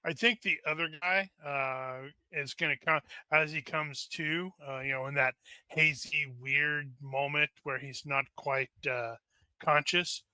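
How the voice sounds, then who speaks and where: A man playing a tabletop game, talking quickly and jokingly, with frequent restarts. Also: fairly high pitch, fairly even intonation, sharp tone, clean tone, no room sound. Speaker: player. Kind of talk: casual tabletop game chat.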